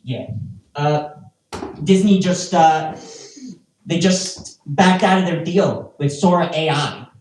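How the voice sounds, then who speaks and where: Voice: mid-range voice, slow, long pauses, a little hiss or hum. Rambling stand-up comic, heard from far off. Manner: rambling, self-mocking, with stammered restarts; bursts into loud mocking shouts. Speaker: stand-up comedian. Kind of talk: stand-up set with crowd work. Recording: roomy, voice picked up from a distance.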